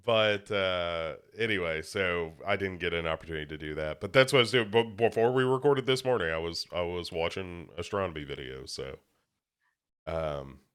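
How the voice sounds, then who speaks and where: This low, fairly bright voice belongs to a young man co-hosting a podcast, and it comes across clear and resonant despite a touch of congestion. He chats loosely and rambles, often restarting and putting himself down.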